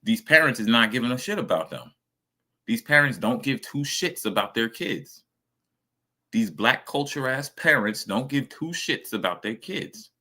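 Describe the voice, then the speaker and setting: A man's voice: medium pitch, animated, a little slow, sharp tone. A man streaming casual reaction commentary, ranting emphatically and swearing a lot.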